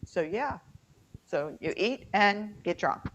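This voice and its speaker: Low, gravelly woman co-host, casual rambling storyteller, dull lo-fi sound. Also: expressive, slow pace, a bit bright. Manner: chatty storyteller with many fillers. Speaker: podcast co-host. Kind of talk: casual chat. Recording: dull lo-fi recording.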